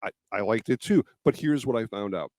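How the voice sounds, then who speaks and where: A man in his fifties, a guest in a casual interview, telling stories in an animated, self-deprecating way while his voice keeps cracking. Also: lowish voice, brisk, dry recording. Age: 50s. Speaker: guest YouTuber.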